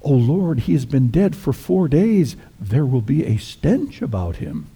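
A grieving older sister pleads with her teacher in a husky, mellow voice, as a male preacher puts her on. Her voice rises higher than his usual talk, earnest and sorrowful, with a soft rasp to it. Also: big pitch swings, measured pace, exaggerated voice. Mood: pleading.

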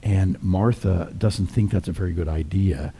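A man's voice: deep voice, moderate pace, gravelly, dark tone, breathy edge. A middle-aged male pastor preaching a sermon, retelling scripture in a folksy, conversational storytelling manner.

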